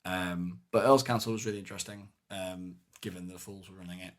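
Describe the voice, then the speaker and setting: A very low-pitched man chatting casually on a podcast. He retells events in a rambling, animated way, tripping over fillers and restarting sentences as he goes. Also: fairly quick. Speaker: podcast co-host. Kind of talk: casual chat recapping a live-action game event.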